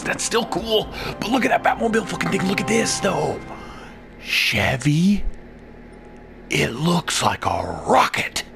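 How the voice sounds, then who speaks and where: Man, gaming host, casual commentary, lively swooping pitch, whispers and whoops, cursing, loud game music behind. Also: a little slow, creaky. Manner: excitable, swings from muttered whispers to loud whoops, swears.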